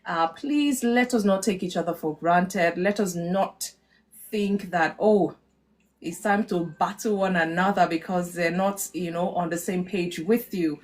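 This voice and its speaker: A woman's voice: lowish voice, measured pace, a little mellow. A woman hosting a live online chat about marriage, teasing her guests playfully and closing in an earnest, prayerful tone. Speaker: host of a live marriage talk. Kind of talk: casual live-stream chat.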